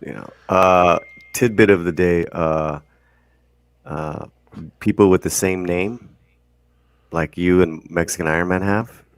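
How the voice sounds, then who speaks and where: A man's voice: sits low, fairly even intonation, unhurried, long pauses, clear, resonant tone, no echo. A laid-back man chatting on a podcast, chuckling now and then. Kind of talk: casual chat.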